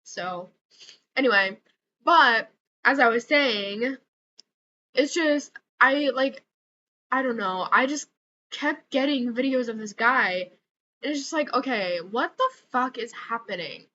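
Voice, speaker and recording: Young woman, casual ranting vlog, bright sharp voice, fairly high, heavy swearing, filler-packed, slightly dull lo-fi audio with faint hiss. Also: takes it slowly, long pauses. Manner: profane, exasperated, many fillers like "like". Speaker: vlogger.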